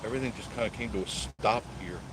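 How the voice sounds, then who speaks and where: A low-voiced man chats loosely on a live stream, cracking jokes and answering viewers as they comment. He talks into a phone on a gimbal from inside his car, with steady traffic noise clearly heard behind him. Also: fast. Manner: rambling, joking, reads out and answers viewer comments.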